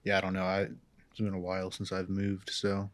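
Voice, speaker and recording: A man with a fairly low voice hosts a podcast. He answers in short, easygoing reactions and chats casually. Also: monotone, brisk. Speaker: podcast host. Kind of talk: casual conversation.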